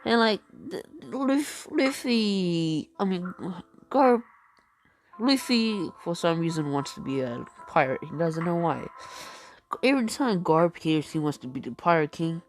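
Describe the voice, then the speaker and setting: A woman's voice: fairly low pitch, expressive, unhurried, soft background music. A woman improvising a fan story, hesitant, with lots of fillers and self-corrections. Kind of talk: improvised fan-fiction narration.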